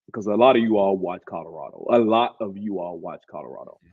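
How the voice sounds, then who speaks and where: A man with a Southern twang hosting a casual sports talk show, animated and slangy, leaning on "bro" to drive points home. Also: deep voice, fast talker, gravelly, breathy edge, narrow, tinny audio. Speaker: podcast host.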